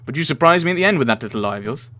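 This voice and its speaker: A man's voice: medium pitch, lively intonation, rapid-fire, bright, forceful tone, pitched above the performer's own voice. A man voicing a dry, matter-of-fact male falcon defense lawyer in a visual novel. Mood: stern.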